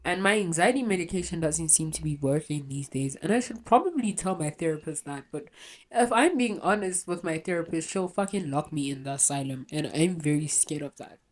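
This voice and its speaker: Young woman, podcast host, very low voice, blunt and confessional, swears freely. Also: expressive, brisk.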